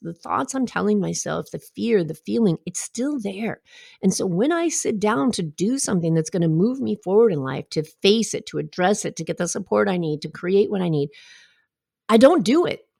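A woman's voice: mid-range voice, creaky, a little mellow, breathy edge. A middle-aged woman giving a heartfelt, reflective personal talk and telling stories with asides. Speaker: self-help speaker.

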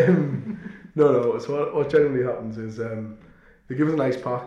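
A man's voice: mid-range voice, moderate pace, warm tone, dull audio. A young man and podcast co-host telling a story in casual, blunt, swear-heavy chat. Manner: crude, blunt, swears a lot. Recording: echoey room.

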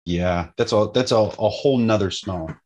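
A man's voice: on the low side, moderate pace, a little mellow. A man, a police officer, sharing stories from work in a dry, matter-of-fact way during casual chat.

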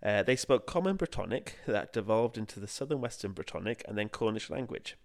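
A man's voice: on the low side, animated, brisk, gravelly, a little mellow. A young man co-hosting a podcast, rambling and laughing as he chats and narrates history. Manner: sweary, laughing, rambling banter. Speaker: podcast co-host. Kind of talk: casual chat and history narration.

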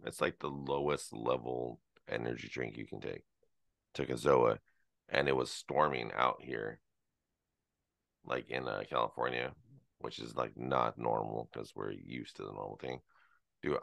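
A man with a very deep, gravelly voice and a sharp, forceful edge talks casually on a podcast. He rambles through his stories with many fillers. The sound is dry and close. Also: dry recording. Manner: rambling, filler-heavy storytelling. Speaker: podcast co-host.

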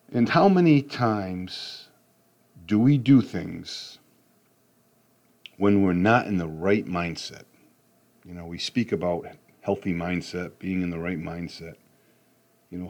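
Man, middle-aged, low-ish voice; loose, rambling motivational speaker who leans on slow emphasis. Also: a little mellow. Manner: rambling, with frequent "you know what I mean" asides. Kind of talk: casual motivational talk.

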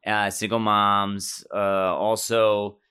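A man's voice: fairly low pitch, little pitch movement, takes it slowly, sharp tone, clear, resonant tone. A young man co-hosting a podcast in casual chat, joking and rambling with many fillers. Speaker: podcast co-host.

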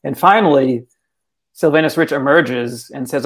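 A man, an author and guest, telling a folk tale in casual conversation, animated and full of "like.". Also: medium pitch, normal speed, creaky. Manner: animated, casual, many fillers like "like". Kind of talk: storytelling in conversation.

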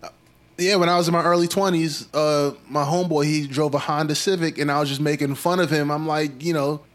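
A young man from Brooklyn, telling stories in a slangy, animated casual chat. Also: on the high side, fairly quick. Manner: animated storyteller, slangy, acts out quotes.

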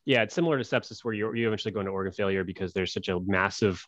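A man in casual podcast chat, explaining things calmly. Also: lowish voice, rapid-fire, no room sound. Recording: dull, dry sound.

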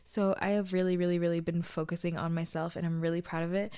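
A woman's voice: fairly low pitch, little pitch movement, quick pace, dark tone, clean tone. A young woman hosting a casual solo podcast from a small bedroom, chatty and confessional, with lots of "like" fillers. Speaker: podcast host.

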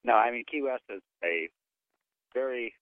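A man from Philadelphia calling in as a guest, talking in a relaxed, rambling way with many fillers. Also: medium pitch, normal speed. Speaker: guest, ghost tour guide. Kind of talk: phone-in interview. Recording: tinny phone line.

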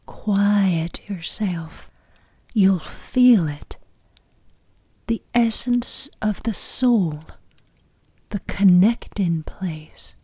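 A woman's voice: fairly high pitch, lively intonation, warm tone, no echo. A woman whispering as a solemn ritual guide, whispered role-play. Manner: slow, solemn, instructive whisper. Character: hushed woman guiding a healing ritual.

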